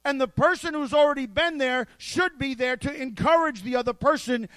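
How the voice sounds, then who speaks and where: A man preaching a sermon, animated and playful, with asides worked into his points. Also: very high voice, normal speed, clean tone, dry recording. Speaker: pastor.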